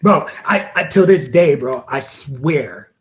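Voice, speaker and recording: A man with a voice of middle pitch, spinning a profane story as a guest on a podcast. He talks casually and animatedly, acting out quotes and dropping into whispers for effect. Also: expressive, slow pace.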